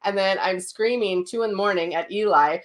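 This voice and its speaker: A woman's voice: mid-range voice, a little fast. A woman teaching a live online class as a psychic medium, who tells stories animatedly, laughs often and answers viewer comments, speaking into a livestream mic at home. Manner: chatty, animated, laughs while telling stories. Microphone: livestream mic, sound sometimes cutting out.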